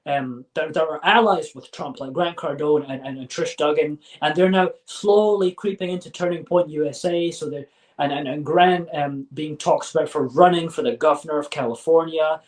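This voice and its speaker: Halting man, fillers and restarts. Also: a little high, poor audio. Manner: halting, many fillers and restarts, then bursts of quick talk. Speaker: interview guest. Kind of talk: casual interview chat.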